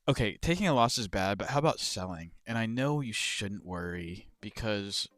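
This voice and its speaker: A young man live-streaming crypto trades, chatting casually to his viewers and ranting about his moves with swearing and sudden loud outbursts. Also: fairly low pitch, lively intonation, normal speed, hardly any pauses, no room sound, faint music behind. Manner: frustrated, swearing, rambling, bursts of loud outrage.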